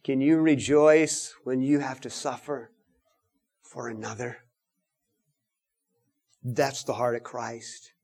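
A man preaching a sermon, animated, swinging between loud emphatic lines and hushed asides. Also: mid-range voice, slow pace, long pauses, slightly rough.

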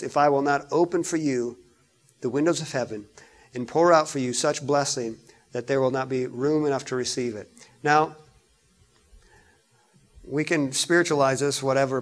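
A man's voice: mid-range voice, fairly even intonation, moderate pace. Man preaching with swelling emphasis. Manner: preaching with rising emphasis, repeats words. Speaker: pastor. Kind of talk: sermon.

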